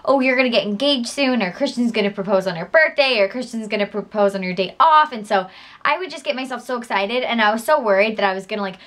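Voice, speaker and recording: A woman's voice: fairly high pitch, fast, a bit bright. A young adult woman vlogger telling a story in a chatty, gushing, giggly way. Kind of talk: casual storytelling to camera.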